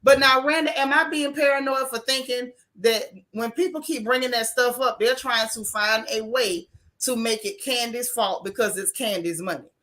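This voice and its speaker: A woman hosts a casual live stream, chatting bluntly and animatedly as she reacts to viewer messages. Her voice sits fairly high and has a bright, forceful edge. She talks in a relaxed, colloquial way. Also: moderate pace. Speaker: host of a reality TV recap channel.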